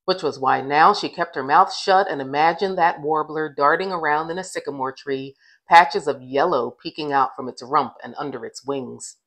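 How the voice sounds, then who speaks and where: A woman, the author, reading a middle-grade novel aloud with gentle, expressive storybook narration. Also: sits low, normal speed, poor audio.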